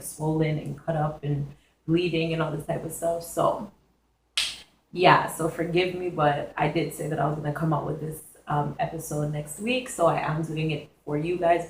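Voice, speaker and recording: A hoarse young woman chatting casually to camera, hosting her own advice segment with a chatty, giggly manner. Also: low-pitched, roomy sound, slight background noise, rough recording. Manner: chatty, giggly, talks straight to viewers.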